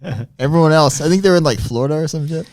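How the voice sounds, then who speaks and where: A man's voice: a little high, very fast, darkish tone, no echo. A young man co-hosting a casual podcast, joking about himself in a wry, self-mocking way. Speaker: podcast co-host. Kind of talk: casual banter among friends.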